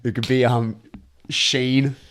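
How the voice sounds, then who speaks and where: A man's voice: mid-range voice, flat delivery, takes it slowly, a bit bright. A young man with an Australian accent, co-hosting a podcast with crude jokes and lots of laughter. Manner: crude joking, laughs a lot. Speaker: podcast co-host. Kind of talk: casual banter.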